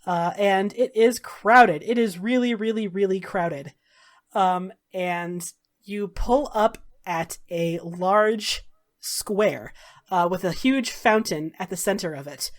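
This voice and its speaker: A woman's voice: medium pitch, slow. A woman narrating as game master in a casual, chatty way.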